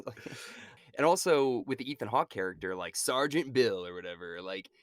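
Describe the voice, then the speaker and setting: A man co-hosting a podcast in casual movie-review chat, animated and swearing freely as he acts out characters' lines. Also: medium pitch, moderate pace, dry recording, studio quality. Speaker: podcast co-host.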